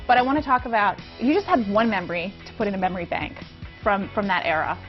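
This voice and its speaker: A bubbly woman hosting an interview, teasing her guest and laughing a lot. Her voice sits at a middle pitch. The sound is slightly dull, with faint music in the background. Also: animated, quick pace. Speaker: interview host. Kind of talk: casual interview chat.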